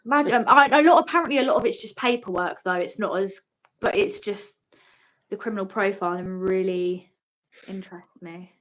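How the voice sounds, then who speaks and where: A woman with a British accent chatting as a guest on a live stream, excitable and often laughing. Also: medium pitch, a little fast, low-quality recording. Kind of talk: casual live-stream chat.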